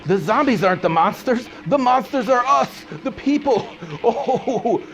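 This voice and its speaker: A man's voice: very high voice, lively intonation, moderate pace, vocal fry, a bit bright, soft background music. A man hosting a horror movie show, cracking goofy, wry jokes between scenes, on a dull old home VHS recording. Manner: goofy, joking, wry asides. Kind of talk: comedic TV host banter.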